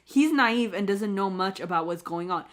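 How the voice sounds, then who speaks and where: A woman co-hosting a relaxed podcast chat, reading a long story aloud. She stumbles over words now and then and laughs at her own mispronunciations. Her pitch is mid-range for a woman. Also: moderate pace. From Canada. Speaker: podcast co-host reading stories.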